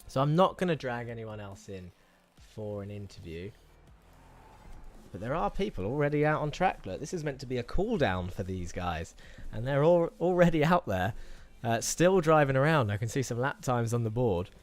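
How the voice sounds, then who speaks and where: A British-accented man hosts a live sim racing stream, interviewing drivers, reading chat messages aloud and calling the race. His mid-range voice is animated at normal speed, and his manner is chatty and rambling.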